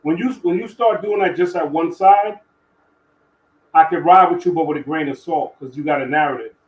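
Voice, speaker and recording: A man's voice: on the high side, normal speed, reverberant, poor audio. A man co-hosting a casual podcast, speaking frankly and laid-back. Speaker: podcast co-host. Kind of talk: casual chat.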